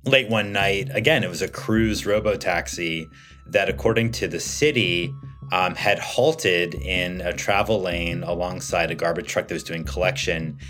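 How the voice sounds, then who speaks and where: Male guest expert, very low voice, casual explainer who thinks aloud, faint music bed. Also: normal speed. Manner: thinking aloud with fillers and restarts, animated when retelling. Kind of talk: conversational interview answers.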